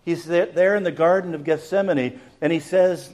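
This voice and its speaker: A male preacher delivers a sermon in a slightly high voice. He tells stories from scripture and acts out the people in them with sudden rises and drops in his delivery. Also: moderate pace, few pauses. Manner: storytelling, acts out quoted lines with big swings in pitch and loudness. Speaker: pastor.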